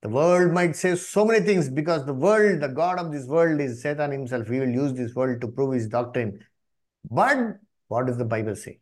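A man's voice: medium pitch, lively intonation, normal speed, a little mellow. A man preaching a Bible study sermon, who keeps asking the congregation questions, repeats their answers and calls on people by name to read.

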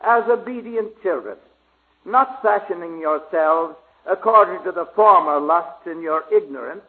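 Man preaching over a tinny old recording. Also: high voice. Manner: slow, halting, many pauses and fillers. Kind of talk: Bible study sermon.

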